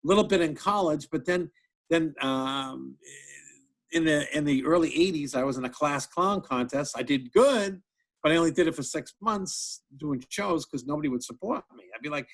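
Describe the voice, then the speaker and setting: Chatty, laughing comedian man, slightly high. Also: brisk. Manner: chatty, animated storyteller, laughs often, repeats words. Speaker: comedian guest. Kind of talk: casual interview chat.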